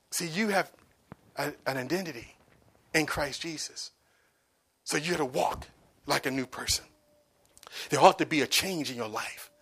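A man's voice: a little high, moderate pace, pauses often, a bit bright, breathy edge. A man in his forties preaching a sermon, emphatic, repeating phrases and asking the congregation to answer back. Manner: emphatic preaching with repetition and call-and-response questions. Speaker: pastor.

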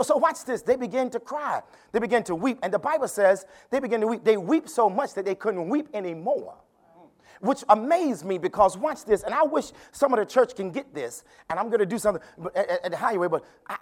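A bishop preaching a sermon at a church service, calling out to the congregation and building to shouts, repeating phrases for emphasis. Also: male voice, high voice. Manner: repeats phrases, tells listeners to turn to neighbor.

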